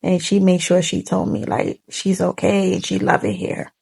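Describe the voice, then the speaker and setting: A woman's voice: fairly low pitch, completely flat delivery, moderate pace, gravelly, a little mellow, breathy edge. A young woman telling a sad personal story to camera in casual, colloquial speech, tearful and heartfelt as she holds back tears. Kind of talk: emotional storytime monologue. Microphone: phone camera facing the speaker.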